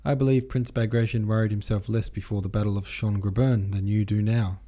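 A man's voice: fairly low pitch, steady tone, a little fast, warm tone, lightly acted. A man reading a teasing young officer. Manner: teasing, amused. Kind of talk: audiobook character reading.

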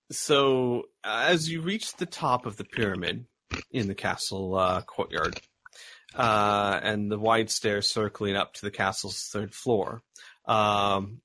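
A man narrates a tabletop role-playing game as its game master. His voice sits a little low, and he pauses often with ums and restarts as he describes the scene. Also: pushed and bright, no room sound. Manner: hesitant, many ums and restarts.

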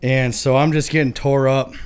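A man's voice: mid-range voice, little pitch movement, normal speed, clear, resonant tone. Laid-back man telling a rambling story. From Michigan. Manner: laid-back, laughing often, profane. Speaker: podcast guest. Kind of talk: casual storytelling.

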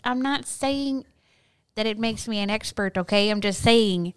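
Smooth-voiced, laughing podcast co-host woman. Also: medium pitch, a little slow. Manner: animated, laughs often, teasing. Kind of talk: casual podcast banter.

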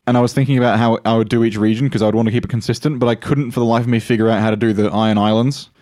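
A young man co-hosting a podcast who talks in a loose, rambling way. He doubles back on his words and drifts into asides. His voice sits at a medium pitch in easygoing chat. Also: fairly even intonation, racing, dark tone. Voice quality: rambling, full of restarts and asides. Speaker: podcast co-host. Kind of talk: casual chat.

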